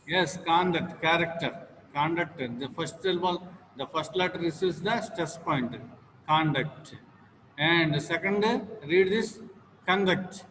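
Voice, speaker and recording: A man with an Indian English accent teaching a class on word stress, slow and repetitive, with many fillers. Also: on the high side, a bit bright, a little hiss or hum. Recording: long hall reverb, faint ambience.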